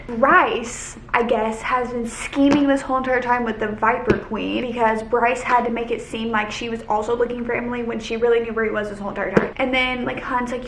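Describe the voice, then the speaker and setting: A young woman chatting casually on her reading vlog, rambling and excitable, full of "like.". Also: fairly high pitch, a little fast, hardly any pauses. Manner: excitable, rambling, heavy use of "like". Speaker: book vlogger. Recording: echoey room with faint noise.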